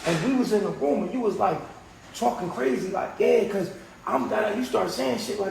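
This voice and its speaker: High-voiced man, heated and profane. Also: a little fast, creaky. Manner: animated, profane, retells quotes. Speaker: podcast host. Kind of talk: heated casual group talk. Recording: roomy echo with faint noise.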